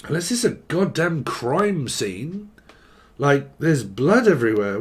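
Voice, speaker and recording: English man, mid-pitched, reads tarot casually with lots of swearing and rambling. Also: big pitch swings, a little slow. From England. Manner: rambling, swearing, free-associating. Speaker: tarot reader.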